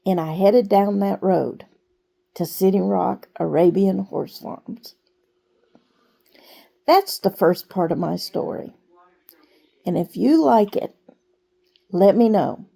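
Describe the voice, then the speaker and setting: Gravelly woman telling her own story. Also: mid-range voice, mellow. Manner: unhurried, conversational, with fillers. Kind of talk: personal storytelling.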